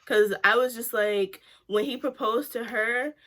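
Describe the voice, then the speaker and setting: This casual TV-show reaction comes from a woman vlogger who can't leave a pause without a "like." She sounds animated, her voice springing up in pitch with each reaction.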